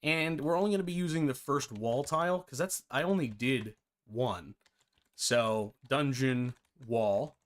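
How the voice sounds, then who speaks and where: A man's voice: mid-range voice, unhurried. Man, game dev tutor, live stream lesson, chatty, laughs a lot. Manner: chatty, self-deprecating, laughs often.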